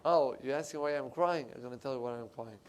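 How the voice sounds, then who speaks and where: Humble old rebbe, teary and quiet, confiding, a rabbi putting him on. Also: male voice, mid-range voice, quick pace, clean tone, close to an everyday voice. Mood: rueful. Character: elderly male Hasidic rebbe, humble, tearful.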